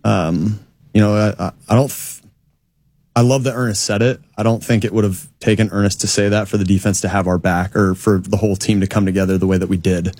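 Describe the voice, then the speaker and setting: A man answering interview questions as an athlete, modest and halting, repeating words. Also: fairly low pitch, steady tone, darkish tone, dry recording.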